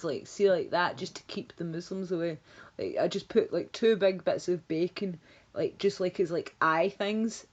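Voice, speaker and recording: A woman with a lowish voice rambles through a relaxed livestream, answering chat messages and breaking into frequent laughter. The sound is dull and lo-fi, like a home webcam mic. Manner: rambling, chatty, laughs often. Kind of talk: casual chat, reading chat messages aloud. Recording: dull lo-fi stream audio.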